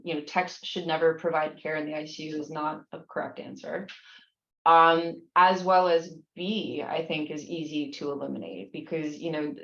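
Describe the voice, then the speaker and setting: A woman with a deep, gravelly voice reads nursing exam questions aloud and walks through each answer patiently. She often restarts her sentences. The recording sounds muffled and roomy, with echo around her. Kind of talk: explaining practice exam questions.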